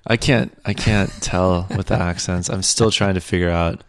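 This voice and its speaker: A man's voice: deep voice, steady tone, moderate pace, no echo. A man co-hosting a podcast in casual chat, joking around with wry one-liners and frequent laughs. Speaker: podcast co-host.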